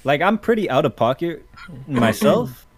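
Lively slangy man on a podcast. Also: fairly high pitch, normal speed, slightly rough. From Iran. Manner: slangy and profane, storytelling with voiced quotes. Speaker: podcast co-host. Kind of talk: casual chat.

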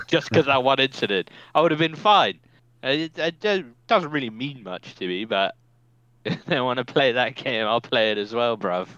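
A man's voice: mid-range voice, lively intonation, moderate pace, sharp tone, no room sound, highs cut off. A young man telling work stories in a laid-back way, swearing often and laughing as he talks. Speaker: podcast co-host. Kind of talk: casual chat.

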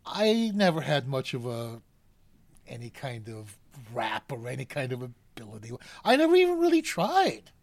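A man's voice: medium pitch, normal speed. A middle-aged man, a cable car gripman, telling stories as an interview guest and acting out the voices of people in them. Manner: animated storyteller acting out voices. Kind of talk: storytelling in a podcast interview.

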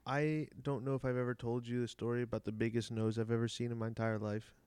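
A man's voice: medium pitch, level tone, fast talker, darkish tone, clear, resonant tone, no room sound, clean studio sound. A man chatting casually on a podcast, telling eager stories and laughing along. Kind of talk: casual chat.

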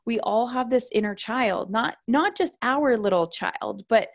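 A woman's voice: on the high side, lively intonation, a little slow, creaky. A woman in her thirties, a parenting coach, talking casually in a podcast interview and acting out quoted voices as she tells stories.

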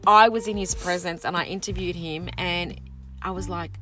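A woman chatting as a guest, a passionate and animated storyteller. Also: lowish voice, moderate pace, music in the background. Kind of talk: casual chat.

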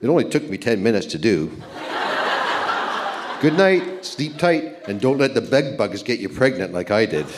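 An older man with a low voice reads his decades-old love letters to a live audience, teasing and self-mocking, often breaking into a chuckle. The stage recording carries a steady hiss behind him. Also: moderate pace. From Canada. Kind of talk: reading letters aloud on stage. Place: live event centre stage.

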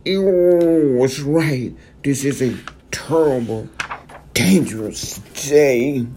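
A storybook reader voicing a fussy old male owl, slow and a little higher than the narration. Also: mellow. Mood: fretful.

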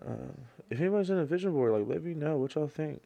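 A young man hosting a casual solo podcast, telling rambling stories full of slang and fillers, and getting loud and worked up when he rants. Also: a little high, animated, fast, gravelly, muffled recording. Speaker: podcast host.

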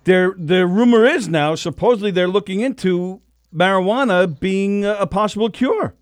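A man's voice: sits high, normal speed, no echo. A man hosting a comedy radio show, steering the chat with easy laughs. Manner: lively, laughing, steers the talk. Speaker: radio host.

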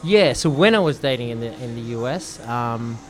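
A man with an Australian accent chatting casually as a podcast guest, relaxed and quick to laugh. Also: medium pitch, soft background music. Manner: relaxed, laughs often, says "you know" a lot. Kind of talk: casual chat.

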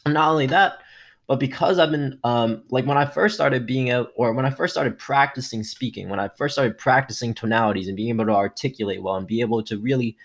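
Husky-voiced energetic young podcast host. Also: male voice, mid-range voice, a little fast. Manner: energetic, varies tone and loudness often. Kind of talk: solo motivational podcast.

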